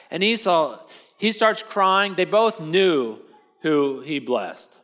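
A man with a somewhat high voice tells a first-person dramatic monologue as a sermon. He talks in a loose, conversational way and keeps checking in with the listener. His lines are full of restarts. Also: lively intonation, slow pace, a bit bright. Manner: conversational storytelling with tag questions and restarts.

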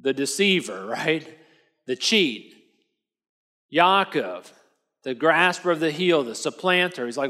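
A man's voice: high voice, expressive, measured pace, pushed and bright. A man delivering a first-person dramatic monologue in a casual storytelling manner, full of tag questions and restarts.

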